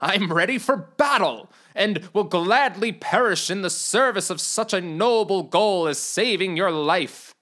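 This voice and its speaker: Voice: mid-range voice, expressive, a little slow, few pauses, fairly bright tone. A storyteller voicing a boastful, oblivious young male knight in a comedy storybook, declaiming each line grandly and stretching out the words. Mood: grandiose. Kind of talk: storybook reading.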